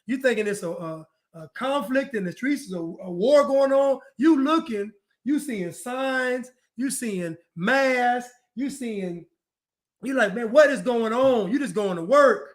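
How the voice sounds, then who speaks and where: A man's voice: extremely high pitch, animated, unhurried. A man speaks. He delivers a preachy, mocking monologue. He hammers points home by repeating phrases and mimicking other people. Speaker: commentator. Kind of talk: monologue commentary.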